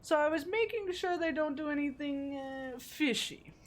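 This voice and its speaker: A woman's voice: sits high, normal speed, voice pushed up, natural voice. A woman voicing a hulking, creepy yet sweet female huntress killer in a mock Russian accent, with a playful, wheedling manner. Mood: sly.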